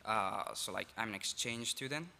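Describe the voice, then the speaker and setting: A teenage exchange student from Italy with an Italian accent, giving a halting, apologetic speech at a school assembly. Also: male voice, lowish voice, gravelly, pushed and bright, slight background noise. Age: teens. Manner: nervous, halting, apologetic with laughs. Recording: reverberant hall, faint ambience.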